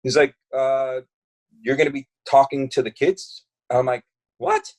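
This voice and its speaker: A Brooklyn-born man with a medium-pitched voice, speaking at a moderate pace, guests on a podcast and tells stories casually. He's animated, imitating the voices of people he quotes, and swears and uses fillers a lot.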